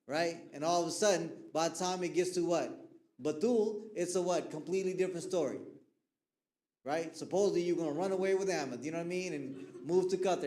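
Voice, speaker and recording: Animated man lecturing in an echoey hall. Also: high voice, brisk. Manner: animated, asks the audience to fill in words. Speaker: guest speaker on mental health. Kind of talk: lively lecture to youth. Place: mosque hall.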